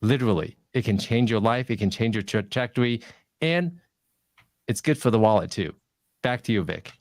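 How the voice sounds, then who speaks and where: A man's voice: moderate pace, no echo, clean studio sound. A man giving a webinar talk on public speaking, with an emphatic coaching manner. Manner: coaching, emphatic, lively shifts in pitch. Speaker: guest presenter on public speaking. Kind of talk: webinar presentation.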